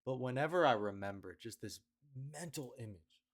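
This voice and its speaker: A man's voice: medium pitch, lively intonation, normal speed. A young man rambling through a confessional video diary at home on his webcam, trailing off and repeating himself. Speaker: video diarist.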